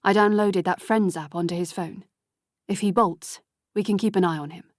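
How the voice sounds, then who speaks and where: A woman's voice: medium pitch, steady tone, normal speed, no room sound, clean studio sound, lightly acted. A woman doing an anxious, tender young woman. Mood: worried.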